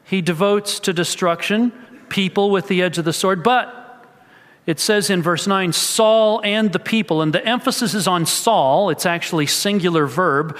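A man's voice: high voice, moderate pace, a bit bright. A man preaching a sermon as pastor, explaining scripture and acting out a character's thoughts with rising emphasis. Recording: reverberant hall.

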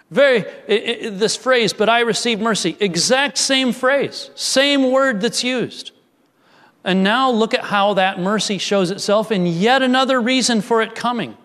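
A man preaching a sermon, earnest, rising to emphatic peaks and dropping to soft, quiet lines. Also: high-pitched, slow, long reverb tail. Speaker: pastor.

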